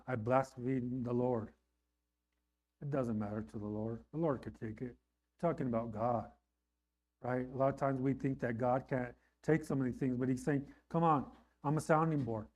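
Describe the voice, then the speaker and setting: A man's voice: mid-range voice, steady tone, a little fast, warm tone. A man preaching a sermon in an earnest, conversational way, often checking in with his listeners. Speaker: pastor.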